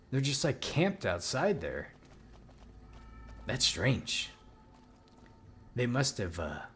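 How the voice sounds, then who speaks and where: A man casually commenting on his own gameplay as a let's play host, rambling and swearing with excited outbursts. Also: sits low, slight background noise.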